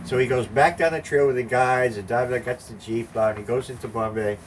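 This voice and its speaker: Fast and fairly even in intonation, a medium-pitched older man rattles off a rambling, profane tale in everyday conversation, playing out the other people's voices as he goes. Faint background noise comes through the far-off mic.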